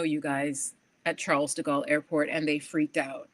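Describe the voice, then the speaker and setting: A woman's voice: sits low, unhurried. Chatty New woman telling travel stories. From New York. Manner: animated storyteller, acts out quoted exchanges, frequent "like" and laughs. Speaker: livestream host. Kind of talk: casual chat to viewers.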